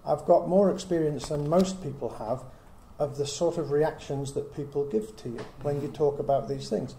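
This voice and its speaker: A man's voice: a little high, normal speed, dark tone. A middle-aged man giving an earnest Bible teaching, reasoning aloud with many rhetorical questions. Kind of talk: teaching talk to a small group. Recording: echoey room with faint hiss.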